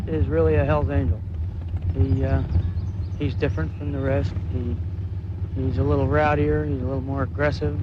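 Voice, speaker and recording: Man, slow deliberate blunt talk, muffled old audio, outdoor noise behind. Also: mid-range voice. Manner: deliberate, repetitive, blunt with swearing. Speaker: interviewee. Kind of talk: casual interview talk.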